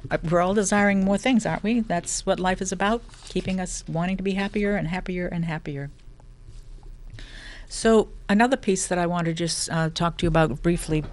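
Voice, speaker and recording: A woman's voice: on the low side, darkish tone. A middle-aged woman hosting a lifestyle talk, speaking casually with many restarts and playful asides. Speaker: host of a lifestyle show. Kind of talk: casual spoken talk on self-help.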